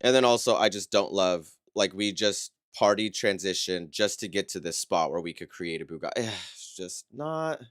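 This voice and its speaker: A man giving a casual, conversational livestream breakdown of dance routines, critical but encouraging and often checking in with a quick "right?". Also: sits low, lively intonation, fairly bright tone, clear, resonant tone, no room sound, soft background music. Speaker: dance competition analyst.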